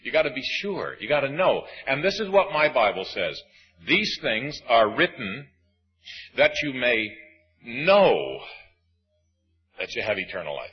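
A husky-voiced man preaches a sermon, his pitch swooping widely and lively, leaning hard on some phrases and dropping to a hush on others. He's unhurried with long pauses, and the dull, lo-fi recording has faint music beneath it.

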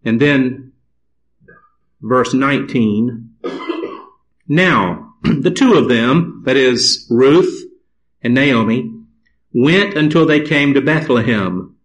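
A man preaching a sermon, reading scripture aloud and explaining it in a slow, deliberate manner. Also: mid-range voice, animated, poor audio.

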